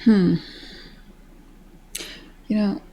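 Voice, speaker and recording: A woman's voice: extremely slow, highs cut off. An American woman in her thirties, a game developer chatting casually on a stream in a rambling way, swearing freely.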